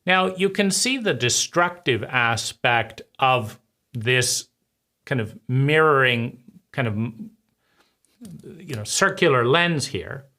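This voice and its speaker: Man, reflective monologue, very slow pace, bright forward tone, pauses between phrases. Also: medium pitch, animated. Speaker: channel host.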